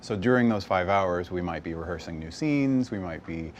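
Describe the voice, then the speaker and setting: A young man from the US West Coast, an actor chatting casually in an interview, animated and laughing often. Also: low-pitched, moderate pace, highs cut off, a little hiss or hum. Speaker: actor guest. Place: bar.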